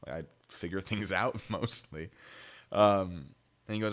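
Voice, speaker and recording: A man with a fairly low voice tells a story to his live chat in a loose, casual way. He laughs often and restarts his sentences as he rambles along. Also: unhurried, fairly bright tone. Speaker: YouTube channel host.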